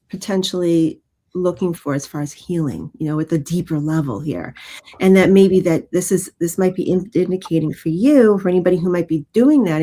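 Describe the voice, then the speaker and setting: A woman co-hosting a live stream, upbeat and quick to laugh, reading out card messages and musing on them. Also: on the low side, dark tone. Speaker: co-host card reader. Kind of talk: casual live-stream chat.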